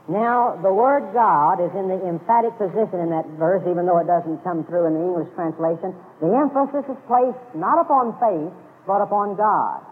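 A man's voice: sits high, moderate pace. A man preaching a sermon to a congregation, emphatic and repeating his key phrases. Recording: phone-like lo-fi radio broadcast with long reverb.

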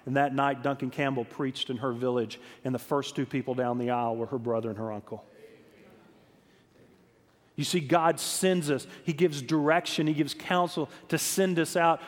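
A man with a fairly high voice delivers a sermon from the pulpit, pressing each point with emphasis and circling back on his words as he tells stories. His voice rings out with a long reverb, as in a large church sanctuary. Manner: emphatic storytelling with repeated words. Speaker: preacher.

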